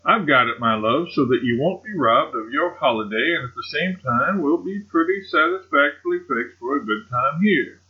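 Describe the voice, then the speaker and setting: A man reading an audiobook, voicing a boastful, effusive elderly colonel in a pitched-up, emphatic manner on a slightly muffled recording. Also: animated, moderate pace, few pauses, breathy edge.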